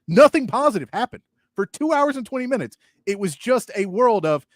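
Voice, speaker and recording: A somewhat high-voiced man hosting a sports talk show in casual chat. He talks in an animated, mocking way and jumps into little acted bits. The sound is dry and close. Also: fairly quick, no echo. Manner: animated, mocking, acts out movie lines.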